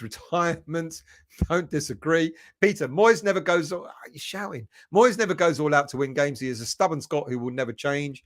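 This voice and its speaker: A man with a slightly high, somewhat bright voice hosts a football fan channel's live stream. He chats casually, reads viewer comments aloud, and greets people by name with a chuckle.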